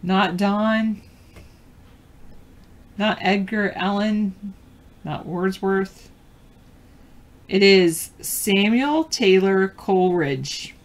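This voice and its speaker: A woman's voice: mid-range voice, very slow, pauses often. A woman co-hosting a live stream in casual chat, answering viewers and reading trivia questions aloud. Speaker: co-host and trivia reader.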